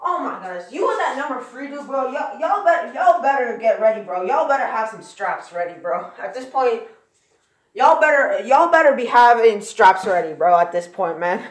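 A man's voice: extremely high pitch, animated, moderate pace. A young man reacting live to a football game, swearing and exasperated, ending nearly every phrase with "bro". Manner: profane, exasperated, says "bro" constantly. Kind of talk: live sports reaction commentary.

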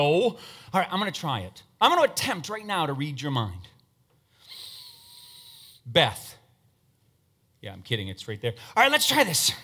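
Animated high-voiced man speaking on stage. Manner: animated, joking, playful asides to the audience. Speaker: motivational speaker and magician. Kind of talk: humorous stage talk with audience participation. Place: stage before a live audience.

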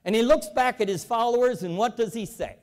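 A man with a high, lifted voice gives an evangelical convention address in a large auditorium. He tells folksy stories and makes emphatic calls to his audience. The long reverb of the hall trails after his words. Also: brisk. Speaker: convention speaker, former bank president.

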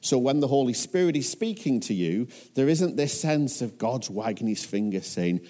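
A man's voice: medium pitch, animated, normal speed, hardly any pauses, mellow. A man with a Northern English accent preaching a sermon as a pastor, earnest and often putting questions to his listeners.

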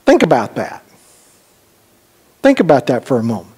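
A male pastor preaching a sermon in a church, talking conversationally with rhetorical questions and shifting between emphatic points and quiet storytelling. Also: mid-range voice, huge pitch swings, normal speed, breathy edge. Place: church sanctuary.

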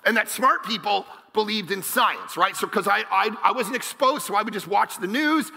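A male pastor preaching a sermon, energetic and joking, now and then bursting into shouts. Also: high voice, moderate pace, creaky, slightly rough, big-room sound, faint music behind. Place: large church auditorium.

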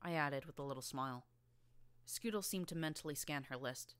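A woman's voice: sits low, fairly even intonation, a little fast, clean tone, no echo. A woman narrating a first-person story in a dry, wry storytelling manner. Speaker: audiobook narrator.

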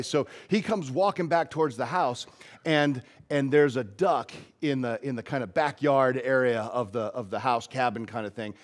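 A man's voice: medium pitch, moderate pace. A male pastor giving a casual, story-driven sermon in a church.

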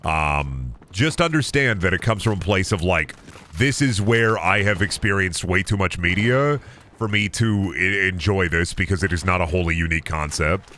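A man's voice: low voice, normal speed, sharp tone, slight background noise. A man streaming a game, ranting cynically and with plenty of swearing in a casual chat. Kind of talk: casual chat while gaming.

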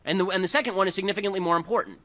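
A man's voice: high voice, bright, forceful tone. A man giving a combative, mocking speech to a live audience. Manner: combative and rapid-fire, mocking. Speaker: political speaker.

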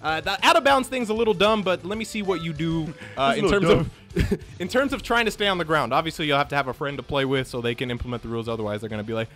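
A man's voice: on the high side, very fast, a bit bright. A man chatting casually while playing a video game, laughing and trash-talking his friend. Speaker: gaming YouTuber. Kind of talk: casual gameplay chat. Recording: game music behind.

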